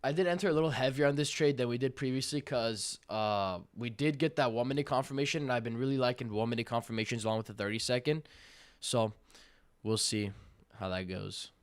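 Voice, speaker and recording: A young man giving casual, slangy commentary on a live trading stream, hyped and breaking into loud cheers. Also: mid-range voice, brisk, clean tone. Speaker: livestream day trader.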